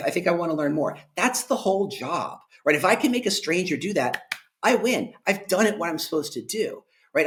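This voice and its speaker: A middle-aged man, a guest on an interview, talking in an animated, joking way and often tagging lines with "right?". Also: a little high. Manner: animated, jokey, emphatic with rhetorical "right?". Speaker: guest, employer branding expert. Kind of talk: conversational interview.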